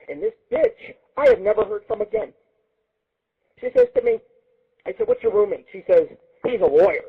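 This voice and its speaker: A man hosting an internet radio show, telling crude rambling stories in a profane, excitable monologue. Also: sits high, fairly quick. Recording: husky lo-fi phone-line sound.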